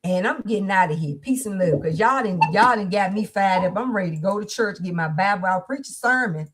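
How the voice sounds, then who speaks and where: A woman's voice: mid-range voice, lively intonation, a little fast, few pauses, husky, soft background music. A woman hosting a livestream support circle, speaking in a fervent, preacher-like way. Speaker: host. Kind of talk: livestream talk.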